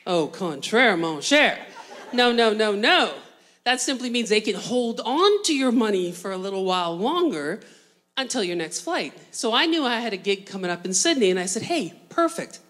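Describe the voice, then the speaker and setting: Animated woman telling stand-up stories. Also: fairly high pitch, moderate pace. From New Brunswick, Canada. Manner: animated storyteller, playful asides, mock-exasperated. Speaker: talk show host and comedian. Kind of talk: stand-up comedy monologue.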